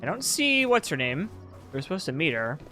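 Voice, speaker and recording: A man giving casual gameplay commentary as a streamer, excitable, swearing and riffing in mocking rants. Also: a little high, brisk, soft background music.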